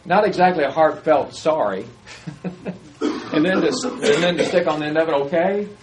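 A man delivering a sermon in an easy, conversational manner, often turning to his listeners with questions. His voice sits a little high for a man, and faint background noise is heard behind him. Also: normal speed, poor audio. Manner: conversational, asks the audience questions. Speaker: preacher.

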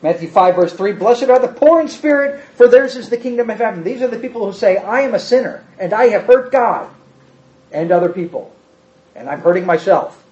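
Guy preaching a sermon, pretty high voice, acts out the quotes, muffled lo-fi recording. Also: fairly quick. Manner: animated, acts out quotes with big swings in pitch and loudness.

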